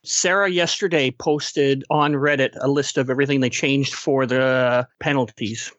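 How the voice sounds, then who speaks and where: A man's voice: medium pitch, steady tone, moderate pace, fairly bright tone, dry recording. Matter-of-fact podcast man, dull mic. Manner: brief, matter-of-fact remarks. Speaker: podcast co-host. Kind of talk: casual game discussion.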